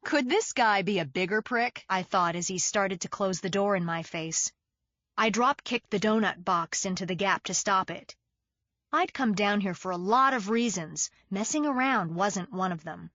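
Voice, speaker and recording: A woman's voice: medium pitch, normal speed, a bit bright, no room sound, highs cut off. A woman narrating a thriller audiobook in the first person, in a wry, sardonic storytelling manner.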